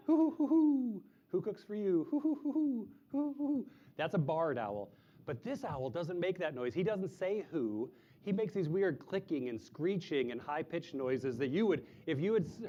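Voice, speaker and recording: In a live animal show for kids, a slightly mellow-voiced man chats with the children and explains things in simple terms. He sometimes hoots like an owl in a high voice, and the recording has its highs cut off.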